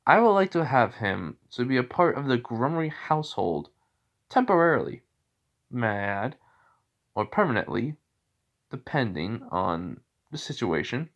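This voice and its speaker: Man telling a made-up story off the cuff, rambling, medium pitch. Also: very animated, unhurried, muffled recording. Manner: rambling, many fillers and self-corrections. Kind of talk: improvised fan story narration.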